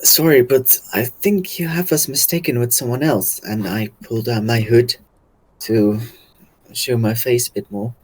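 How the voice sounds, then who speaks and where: A man playing a tabletop game, speaking in character in a polite, measured and diplomatic way. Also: mid-range voice, breathy edge, poor audio. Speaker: player. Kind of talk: in-character role-play.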